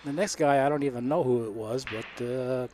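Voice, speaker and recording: An older man, a guest in the commentary booth, chatting casually in a rambling, halting way and laughing often. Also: mid-range voice, a little mellow, slight background noise. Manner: rambling, laughing, hesitant with many uhs. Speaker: booth guest, amateur player. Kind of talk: casual chat. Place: commentary booth at a pool hall.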